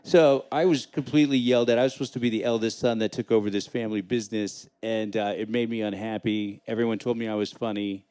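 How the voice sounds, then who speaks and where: A man's voice: fairly low pitch, flat delivery, quick pace, few pauses, dark tone, clean tone, dry recording. A man, a comedian on a live panel, telling blunt stories and swearing casually. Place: live panel in a lodge room.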